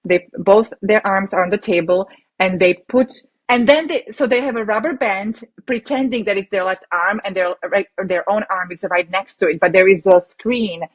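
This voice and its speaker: A woman doctor, a rheumatologist, explaining ideas in an interview in an animated way with many restarts. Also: medium pitch, moderate pace. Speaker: rheumatologist guest.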